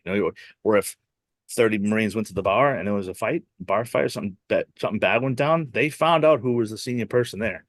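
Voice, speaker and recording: Deep-voiced fast-talking man from Boston. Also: no echo, clean studio sound. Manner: rambling storyteller, heavy "you know" fillers and self-restarts. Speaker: podcast host. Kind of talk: casual interview chat.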